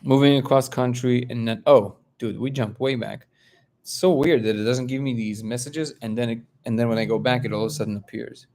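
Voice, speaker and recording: A man from Russia hosting a casual live stream, reading viewer comments aloud and telling a story with lively, high-pitched quotes of other people. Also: brisk, slight background noise. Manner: animated storyteller, jumps up in pitch when quoting others. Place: home, living in LA.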